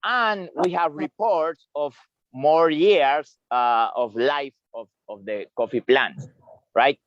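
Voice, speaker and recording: A man giving a tour guide's outdoor talk on a farm, halting and repeating words as he explains. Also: a little high, no room sound. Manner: halting, repeats words, chuckles while eating. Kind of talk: live virtual tour explanation. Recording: dry, slightly dull lo-fi sound.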